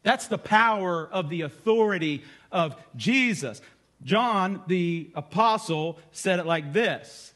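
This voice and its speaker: A man preaching a sermon in church, conversational and candid, his voice dropping low and quiet on key words. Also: animated, unhurried. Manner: candid asides with fillers. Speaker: pastor.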